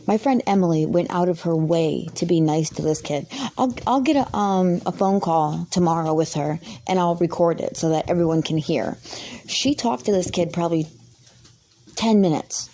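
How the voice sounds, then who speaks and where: A woman's voice: fairly low pitch, moderate pace, mellow. A woman vlogger telling an angry, rambling story to camera, swearing heavily and sounding indignant.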